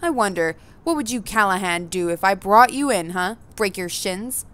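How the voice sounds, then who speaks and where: A woman's voice: medium pitch, animated, moderate pace, fairly bright tone, natural voice. A woman voicing a menacing hooded male vampire thug who talks crude and threatening.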